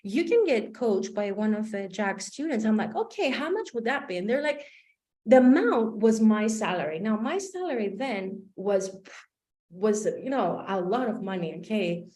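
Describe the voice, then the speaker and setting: A woman's voice: medium pitch, expressive, unhurried, warm tone, echoey room. A woman life coach telling a personal story in a motivational talk, acting out the dialogue as she goes.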